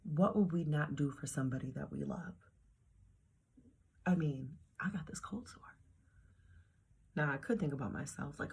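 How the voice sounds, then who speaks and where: Low gravelly husky woman talking faith. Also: moderate pace, pauses often, darkish tone. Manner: slangy, emphatic, drops to whispers. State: heartbroken after a breakup. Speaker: faith vlogger. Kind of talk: casual devotional talk to camera.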